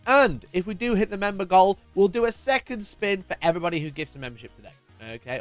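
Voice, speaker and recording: High-voiced chatty streamer. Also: male voice, a bit bright. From United Kingdom. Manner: chatty, jokey, greets viewers by name. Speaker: live stream host. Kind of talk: casual live-stream chat reading viewer messages.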